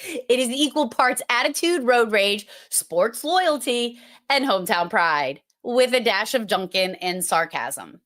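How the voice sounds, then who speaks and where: Slow-talking woman from Massachusetts. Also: a little high, animated, fairly bright tone. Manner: storytelling, playful and chatty, with filler words. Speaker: host. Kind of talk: casual presentation.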